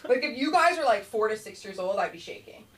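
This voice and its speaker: A woman's voice: medium pitch, lively intonation, fast talker, a bit bright. A woman doing a rambling stand-up set at an open mic, acting out kids and herself in voices. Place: small comedy club stage. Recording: distant room mic with faint noise.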